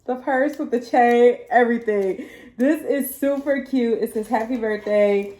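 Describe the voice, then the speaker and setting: A woman from Texas, chatting excitedly and laughing as she opens gifts on her vlog. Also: a little high, unhurried, echoey room. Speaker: vlogger. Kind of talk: casual unboxing chat.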